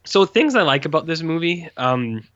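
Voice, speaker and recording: A man's voice: on the high side, sing-song, moderate pace, a bit bright, no echo, lo-fi sound. A man co-hosting a podcast, chatting casually about a movie in a rambling way full of fillers and acted-out quotes. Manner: rambling, filler-heavy, acts out quoted lines. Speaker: podcast co-host. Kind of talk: casual movie review chat.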